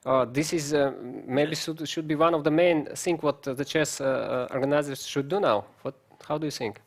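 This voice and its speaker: Man asking halting interview questions. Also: fairly high pitch, steady tone. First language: Russian. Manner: halting, searching for words with many fillers. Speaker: co-host, chess grandmaster.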